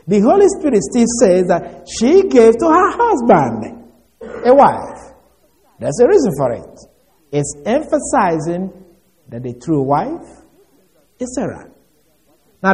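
A man teaching a Bible study, reading scripture and explaining it in a deliberate, emphatic way. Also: fairly high pitch, a little mellow.

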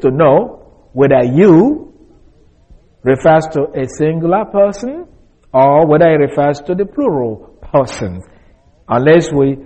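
A man giving verse-by-verse Bible teaching in a deliberate, explanatory way, repeating his key points. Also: fairly high pitch, darkish tone, breathy edge, dull audio.

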